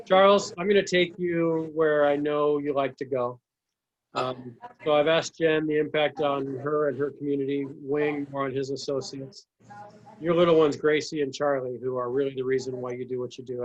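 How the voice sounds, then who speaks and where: A man hosting a conversational interview, asking long, encouraging, rambling questions. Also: medium pitch. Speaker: podcast host. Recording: dull lo-fi sound.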